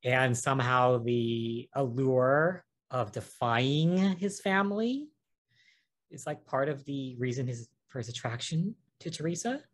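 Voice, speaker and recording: Husky-voiced man thinking aloud. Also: mid-range voice, measured pace. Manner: thinks aloud, unsure, laughs often. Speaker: guest co-host. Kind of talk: casual podcast chat.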